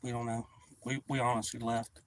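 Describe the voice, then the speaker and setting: A man hosting a livestream outdoors, telling a story to his chat in a loose, profane, animated way. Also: mid-range voice, moderate pace. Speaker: livestream host. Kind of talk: casual storytelling to live chat.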